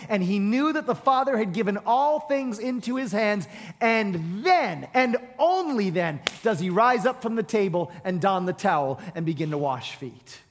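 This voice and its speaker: High-voiced emphatic preacher in an echoing hall. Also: male voice. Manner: emphatic, repeats phrases for impact. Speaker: pastor. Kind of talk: sermon. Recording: long echoing reverb of a large hall.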